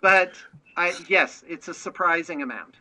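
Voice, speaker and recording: An American man who owns a miniature painting business chats as a guest in a remote interview, rambling and restarting often in a casual way. His voice is a little high with a sharp tone, delivered at normal speed, and the recording is low quality.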